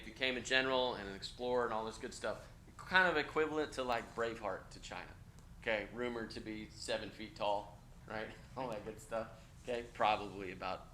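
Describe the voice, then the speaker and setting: A male instructor lectures with a bright, forceful tone and keeps checking in with his students. The classroom rings with echo, and a faint hiss sits underneath. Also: mid-range voice. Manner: energetic, conversational, frequent "okay?" check-ins. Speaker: college instructor. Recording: echoey classroom with faint noise.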